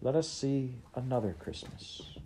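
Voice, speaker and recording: A woman voicing a gentle, thoughtful spirit in a storybook reading, speaking in a measured way. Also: rumbling low, lively intonation, slight background noise, voice pushed up, poor audio.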